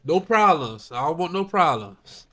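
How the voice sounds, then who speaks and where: A man hosts a relaxed chat, speaking slowly. His pitch rises and falls a great deal as he reacts and gives advice in drawn-out slang. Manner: slow laid-back reactions, drawn-out slang. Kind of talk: casual chat.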